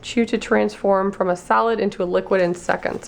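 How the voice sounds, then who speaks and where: A woman hosting a casual unboxing vlog, her voice worn and gravelly as she loses it. She chats along easily and slows down to read product labels aloud, at a middle pitch. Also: steady tone. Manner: chatty, reads labels aloud slowly. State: losing her voice. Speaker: beauty vlogger.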